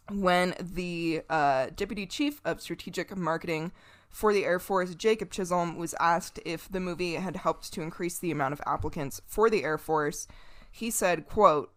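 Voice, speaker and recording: Lady podcaster chatting loose and sarcastic, voice sits a bit low. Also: slow. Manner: sarcastic, swears casually. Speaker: podcast co-host. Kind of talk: casual podcast chat.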